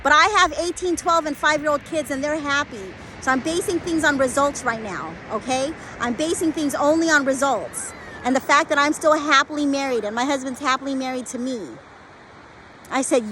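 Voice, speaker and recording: A woman's voice: high voice, normal speed, pushed and bright, slight background noise, rough recording. A woman in her forties, an acupuncturist, giving blunt, emphatic advice through a conversational story.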